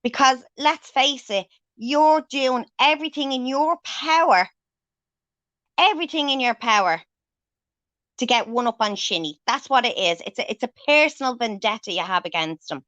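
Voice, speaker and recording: A woman's voice: fairly high pitch, expressive, normal speed, a bit bright, no echo, highs cut off. A woman hosting a livestream, ranting angrily and swearing heavily as she confronts someone. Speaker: livestream host. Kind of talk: angry livestream rant.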